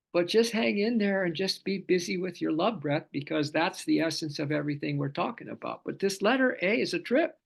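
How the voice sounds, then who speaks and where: A gravelly-voiced man leads a scripture class, pitched a little high. He speaks fervently, circling back on his phrases and drawing out long chanted vowels. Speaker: spiritual teacher.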